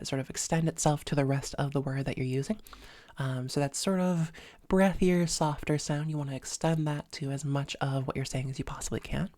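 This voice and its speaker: A woman coaching voice exercises in a relaxed, hesitant way with many fillers. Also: sits low, no room sound. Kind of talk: instructional voice lesson. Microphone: close microphone.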